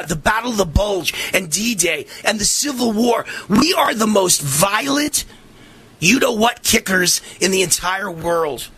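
A middle-aged man hosting a radio talk show, delivering a fiery, impassioned monologue that rises to shouts, his voice strained from shouting. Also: high voice, breathy edge.

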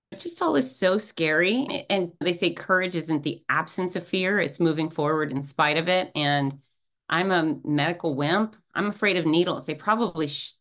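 A middle-aged woman with a low voice speaks as an interview guest. She tells her story candidly, blunt and self-deprecating, and keeps a lively drive. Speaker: guest, cancer survivor.

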